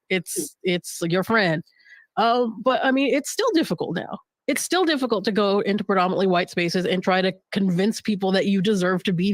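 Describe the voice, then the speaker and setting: A woman talks frankly and with humor on a casual panel, often laughing and starting her sentences over. Her voice sits at a middle pitch and is recorded dry and close. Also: no echo. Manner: candid, joking, laughs often, restarts phrases. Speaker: podcast network director.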